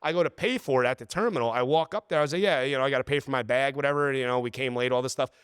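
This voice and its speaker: A man hosting a podcast, telling an exasperated travel story in a casual, animated way. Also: medium pitch, rapid-fire, clear, resonant tone, no echo, studio quality. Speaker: podcast host.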